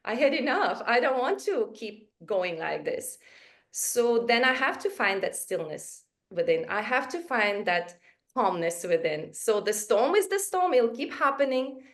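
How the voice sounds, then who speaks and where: Woman panelist on a video call, higher voice, calm and measured. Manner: calm, measured, asks herself questions. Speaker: webinar panelist. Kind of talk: reflective webinar talk.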